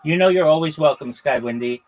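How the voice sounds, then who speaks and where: A man's voice: fairly high pitch, fairly quick, rough recording. A man hosting a voice-chat livestream, talking in a friendly, welcoming way. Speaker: host.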